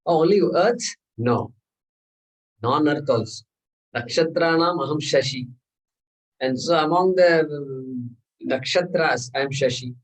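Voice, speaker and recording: A man's voice: on the high side, measured pace, recorded from a distance, poor audio. A man teaching a scripture class, talking through verses with rhetorical questions and chanted Sanskrit. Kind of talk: lecture on scripture.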